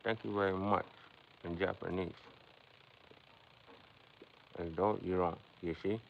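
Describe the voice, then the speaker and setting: A man with a gravelly, somewhat low voice runs a casual livestream, musing out loud and talking straight at his chat. The sound is dull and lo-fi, with a faint noise underneath. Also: steady tone, measured pace. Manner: rambling, philosophizing, addressing chat directly. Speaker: livestream host.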